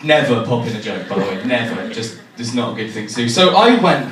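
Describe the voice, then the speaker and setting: A young English man with a medium-pitched voice does a stand-up set at a fairly quick pace, telling self-deprecating stories and acting out the people in them. A crowd laughs throughout the comedy venue. The recording is noisy and echoey, picked up from far away.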